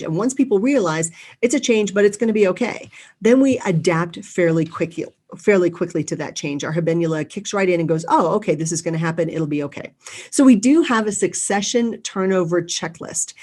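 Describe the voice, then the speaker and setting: A middle-aged woman giving a motivational talk on leadership, lively and acting out quoted people. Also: medium pitch. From United States. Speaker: leadership speaker.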